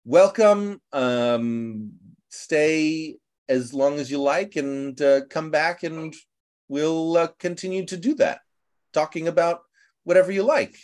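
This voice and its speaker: An American man with a slightly high voice hosts an English class online and welcomes his students. He talks loosely, with fillers like um and uh and frequent restarts. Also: slow pace. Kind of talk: casual online class chat.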